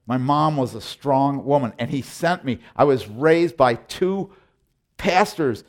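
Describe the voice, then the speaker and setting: A middle-aged man delivers a sermon as pastor. His voice sits at an ordinary male pitch, and he stresses words forcefully, restarts phrases, and sinks into quiet, tender passages. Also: animated, takes it slowly. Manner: emphatic, repeats words, swings from loud to hushed.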